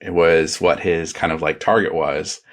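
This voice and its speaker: A man's voice: sits low, steady tone, moderate pace. A man on a podcast panel explaining a topic in casual chat, rambling and hesitant, with plenty of fillers and restarts.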